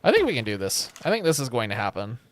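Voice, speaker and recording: A man's voice: mid-range voice, wildly swooping pitch, quick pace. A young man streaming a game from home, rambling in casual commentary with wry, sarcastic asides. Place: home room with a webcam.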